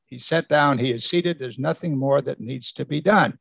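A man preaches with emphatic force, pressing the congregation with rhetorical questions. His voice is gravelly and sits a little high, recorded close and dry with no room sound. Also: moderate pace, hardly any pauses, fairly bright tone, no echo. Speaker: pastor. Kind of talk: sermon.

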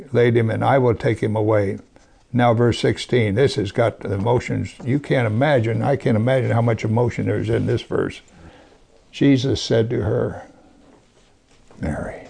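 A man preaching a sermon, reading scripture aloud and talking to his congregation with earnest emphasis, sometimes dropping to a hush. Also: mid-range voice, vocal fry. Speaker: pastor.

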